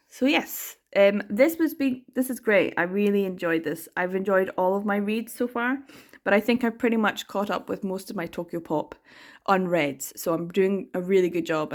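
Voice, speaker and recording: Scottish woman, casual vlogger, animated and laughing, mid-pitched, swears for emphasis. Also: moderate pace. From Scotland. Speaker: manga reading vlogger. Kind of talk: casual reading vlog chat.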